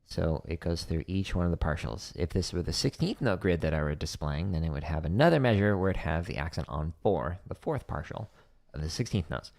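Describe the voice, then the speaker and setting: A man teaching drum technique on a livestream, explaining exercises step by step and counting patterns aloud in a relaxed, casual way. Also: low-pitched, vocal fry. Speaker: drum teacher on a practice stream. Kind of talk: instructional livestream talk.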